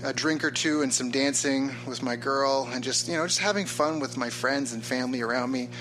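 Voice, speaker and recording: A man being interviewed, with a bright and forceful tone, his talk casual and rambling. He fills it with "like" and "you know". Faint music plays behind him. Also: mid-range voice, brisk, low-quality recording. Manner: rambling, enthusiastic, with many fillers. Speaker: entrepreneur guest.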